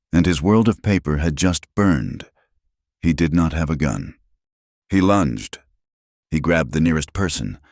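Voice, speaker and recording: A man giving scripted, dramatic narration of a western story, measured and pausing phrase by phrase. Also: extremely low pitch, darkish tone, dry recording, clean studio sound.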